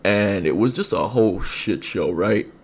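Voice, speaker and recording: A man's voice: lowish voice, expressive, a little slow. A young man telling a personal story in casual, rambling speech full of fillers. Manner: rambling, many fillers like "you know". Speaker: streamer.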